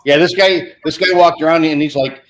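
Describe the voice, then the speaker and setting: A man sharing relaxed anecdotes with small chuckles, a guest on a casual chat stream. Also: on the high side, fairly quick.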